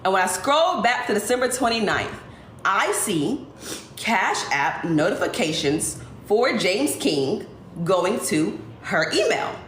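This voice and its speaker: Woman retelling a betrayal, animated. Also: medium pitch, slow, echoey room, a little hiss or hum. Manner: animated, speeds through dramatic retelling. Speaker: influencer livestreamer. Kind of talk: emotional storytelling.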